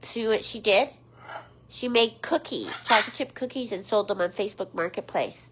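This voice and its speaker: A woman hosting a casual livestream with her pet parrots, chatting with viewers and switching to high, sing-song baby talk for her birds. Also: normal speed. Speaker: pet parrot channel host. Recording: loud background noise with bird clicks.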